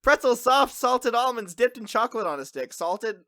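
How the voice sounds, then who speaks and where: Podcast guy reading off a list, bright voice, lots of ups and downs, dry sound. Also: very high-pitched, expressive, moderate pace, dry recording. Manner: reading a list aloud, laughing. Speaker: podcast host. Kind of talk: casual chat.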